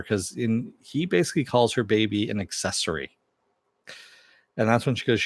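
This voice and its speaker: A man's voice: fairly low pitch, expressive, normal speed, no echo. A man giving a casual recap of a TV episode, retelling it loosely with fillers and asides. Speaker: TV episode reviewer.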